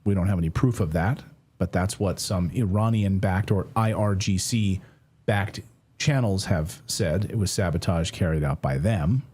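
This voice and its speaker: A man's voice: low-pitched, moderate pace, darkish tone, slightly rough. A middle-aged man hosting a news commentary show, talking to camera in a conversational way, correcting himself and dropping wry asides.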